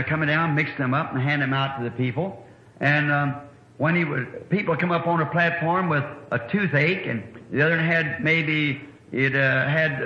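Folksy preacher on an old tape. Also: male voice, a little high. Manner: folksy, rambling anecdotal preaching. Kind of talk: sermon storytelling. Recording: echoey, dull old sermon recording with faint hiss.

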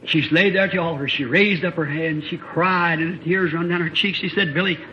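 A man preacher telling a story in a folksy, plain-spoken sermon that builds to shouts, on a dull lo-fi old tape. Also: fairly high pitch, fairly even intonation, brisk, a little hiss or hum.

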